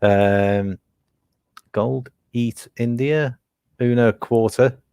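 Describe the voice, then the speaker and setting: A man's voice: medium pitch, steady tone, drawn-out words, warm tone, clear, resonant tone, dry recording, clean studio sound. A British man hosting a casual livestream about metals prices, thinking aloud with many fillers and reading out viewer comments. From Britain. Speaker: livestream host.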